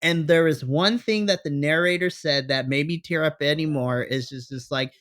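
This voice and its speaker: Reviewing a wrestling show on a podcast he co-hosts, this man talks in a loose, animated way and acts out how he reacted. His voice sits a little high and sounds slightly bright, moving at a normal speed.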